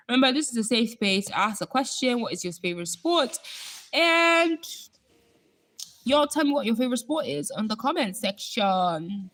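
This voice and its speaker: A woman's voice: mid-range voice, animated, moderate pace, long pauses, fairly bright tone, a little hiss or hum. A young woman hosting a casual live stream, chatting with viewers and laughing often. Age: young adult.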